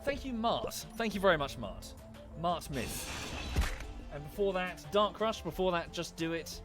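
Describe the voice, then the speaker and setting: A man's voice: sits high, big pitch swings, unhurried, over music. A man with an Estuary English accent chatting casually while streaming a game, rambling and thanking viewers as he goes. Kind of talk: casual gameplay commentary.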